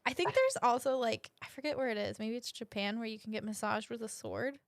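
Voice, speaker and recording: Gravelly-voiced giggly woman. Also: fairly high pitch, fairly quick, dry recording. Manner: giggly, laughs often. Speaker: podcast co-host. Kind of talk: casual chat.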